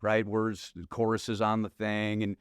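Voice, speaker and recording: A middle-aged male pastor telling his life story in a casual, animated way, acting out his younger self with slang. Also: lowish voice, unhurried, clear, resonant tone, no room sound, clean studio sound. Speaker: pastor and podcast guest. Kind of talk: personal testimony in casual conversation. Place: podcast studio.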